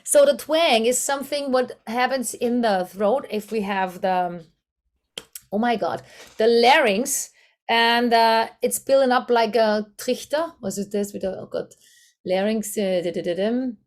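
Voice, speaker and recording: A woman's voice: fairly high pitch, a little slow. A woman with a German accent teaching a voice workshop, searching for English words and demonstrating vocal exercises. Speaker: voice coach.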